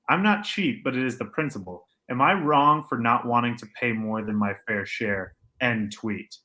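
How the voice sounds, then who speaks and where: Male podcast co-host, bright and forceful tone, animated storyteller, opinionated banter. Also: medium pitch. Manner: animated storyteller acting out quotes; joking, opinionated. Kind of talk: casual podcast chat.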